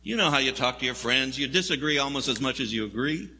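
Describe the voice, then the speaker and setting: A man's voice: mid-range voice, expressive, quick pace, sharp tone, in a large hall, slight background noise. A male pastor preaching a sermon, telling the story in a conversational, wry way with jokes.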